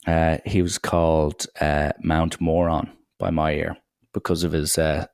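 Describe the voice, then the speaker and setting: A young man talks through a solo podcast episode in a low, gravelly voice. His delivery rambles and stays irreverent, and he swears freely. The sound is dry and close, with little room around it. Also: little pitch movement, measured pace, darkish tone, dry recording. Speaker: podcast host.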